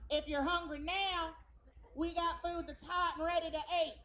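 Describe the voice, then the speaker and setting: A woman comedian voicing a folksy Southern restaurant commercial announcer who speaks slowly and plainly. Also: very high voice, flat delivery, pushed and bright, voice pushed up.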